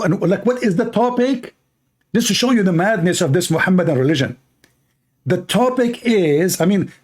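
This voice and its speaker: A man's voice: on the high side, a little mellow, breathy edge. Sarcastic rambling male vlog host. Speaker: channel host. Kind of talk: mocking commentary vlog.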